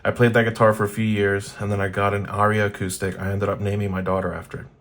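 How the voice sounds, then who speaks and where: A man's voice: fairly low pitch, little pitch movement, fast, fairly bright tone. A man hosting a guitar channel, reading old magazines aloud in casual commentary, blunt and profane, laughing often.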